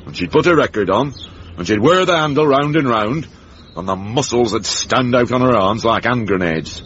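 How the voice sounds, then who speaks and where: A man's voice: medium pitch, expressive, normal speed, a bit bright, close to an everyday voice. A man plays a grumpy old Northern English man in a radio comedy, all dry wit and boozy bluster. The old broadcast sounds dull and lo-fi, with faint hiss behind. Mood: grumbling. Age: older. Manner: dry, boozy, mock-grand oratory. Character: grumpy older northern man, Uncle Mort.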